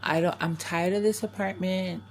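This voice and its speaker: A woman's voice: lowish voice, fairly even intonation, moderate pace. An older woman from New York, a crafting vlogger chatting candidly to camera, rambling and often restarting her sentences. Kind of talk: casual chat to camera.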